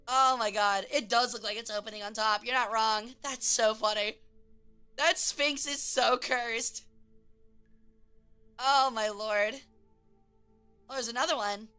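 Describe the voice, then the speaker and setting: A young woman streamer chatting casually, swearing, laughing and breaking into loud silly voices. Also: fairly high pitch, clear, resonant tone.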